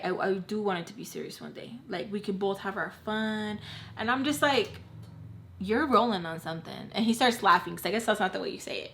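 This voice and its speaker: A woman's voice: medium pitch, fairly bright tone, a little hiss or hum. Chatty young woman telling a storytime. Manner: chatty, heavy on "like", acts out quoted voices. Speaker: storytime vlogger. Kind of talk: casual storytime monologue.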